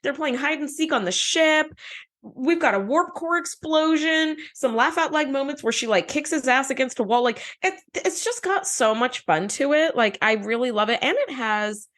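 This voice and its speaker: A woman co-hosting a podcast in casual chat, her voice hoarse and scratchy after the flu, gushing and laughing often. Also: sits high, expressive, moderate pace, fairly bright tone. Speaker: podcast co-host.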